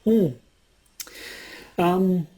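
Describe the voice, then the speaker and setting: Extremely slow and mellow, this man's high voice carries a breathy edge. He's a podcast co-host in casual chat, rambling and hesitant, with plenty of fillers and restarts.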